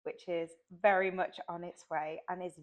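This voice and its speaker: A woman interviewing an author for the publisher, chatty and relaxed, laughing now and then. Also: on the low side, moderate pace. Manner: chatty, many fillers and restarts, laughs. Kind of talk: casual interview chat.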